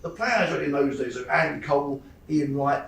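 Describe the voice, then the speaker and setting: A man's voice: fairly high pitch, brisk, gravelly, fairly bright tone, far from the mic. A man in his forties with a southern English accent, doing a stand-up comedy set in a club, rambling and laughing at his own jokes. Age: 40s. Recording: echoey club room, faint ambience.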